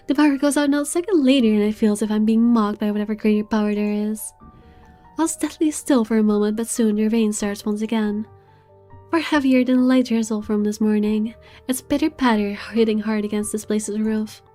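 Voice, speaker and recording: Brief: woman reading as a haughty young lord, mellow voice, measured dramatic delivery, soft game music under. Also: medium pitch, steady tone, lightly acted. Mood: brooding. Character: proud young man, weary and aloof. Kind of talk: reading game narration aloud. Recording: faint game music behind.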